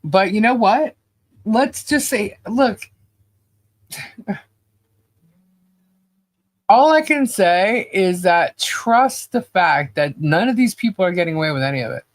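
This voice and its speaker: A woman's voice: medium pitch, expressive, slow pace, pauses often. A woman co-hosting a casual live-stream chat, exasperated and sarcastic, laughing often as she rants. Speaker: podcast co-host.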